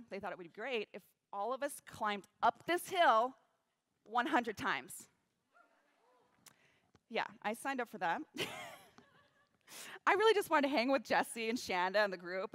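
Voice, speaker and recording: A woman giving a keynote talk on stage, telling a story in an animated way, acting out quotes and laughing often. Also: medium pitch, no room sound. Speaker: keynote speaker. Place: event stage.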